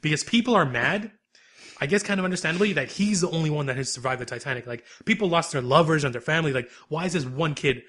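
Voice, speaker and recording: A man co-hosting a podcast, recapping an episode in a lively, rambling, casual chat. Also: fairly high pitch, quick pace. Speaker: podcast co-host.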